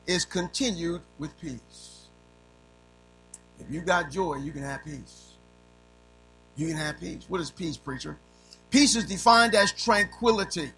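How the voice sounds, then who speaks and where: High, bright-voiced preacher punctuating with amen. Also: male voice, vocal fry, low-quality recording. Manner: punctuates phrases with repeated "amen"; swings between soft low asides and loud shouted peaks. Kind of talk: sermon.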